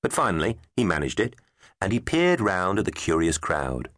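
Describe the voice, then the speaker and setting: A man's voice: deep voice, wildly swooping pitch, moderate pace, fairly bright tone, no echo. A man narrating a children's storybook in a playful, emphatic way. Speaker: audiobook narrator. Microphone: studio microphone. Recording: dry close studio sound.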